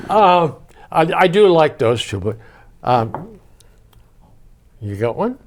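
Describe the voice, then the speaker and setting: An older man hosting a casual chat, telling jokey stories in an animated way. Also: fairly high pitch, takes it slowly, pauses often. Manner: animated, joking storyteller. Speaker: host.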